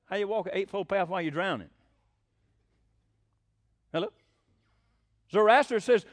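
A man's voice: sits high, animated, normal speed, long pauses, no echo. A man preaching a sermon, folksy and blunt, with sarcastic asides.

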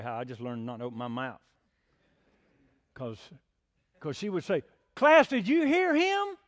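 An older man preaching a folksy sermon as pastor, mixing homespun jokes with emphatic preaching. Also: mid-range voice. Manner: homespun, jokey asides, rising to emphatic preaching.

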